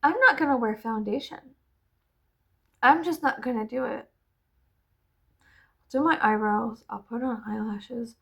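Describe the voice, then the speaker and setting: A woman's voice: fairly high pitch, a little slow, gravelly, pauses often. A young adult woman chatting casually in a vlog, rambling, laughing often and swearing freely. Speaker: vlogger.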